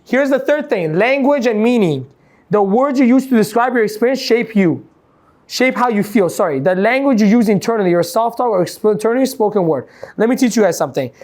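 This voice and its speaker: A man giving an energetic motivational seminar talk, quizzing a live audience with "yes or no?" and playing out examples. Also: sits high, fairly quick. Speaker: motivational coach.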